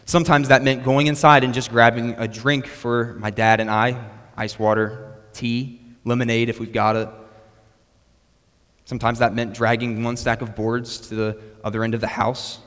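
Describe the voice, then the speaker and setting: A man's voice: mid-range voice, level tone, normal speed, fairly bright tone. A young man preaching a sermon that is built around a personal story, with a storytelling manner and frequent restarts on his words. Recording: long reverb of a hall.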